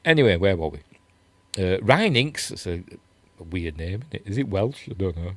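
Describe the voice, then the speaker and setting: A middle-aged Yorkshireman hosts a casual news chat, rambling through articles and stories while reading out quotes and chat comments. He's chatty and self-deprecating, with a low, expressive voice, a fairly bright tone and a moderate pace. There's no echo on the recording.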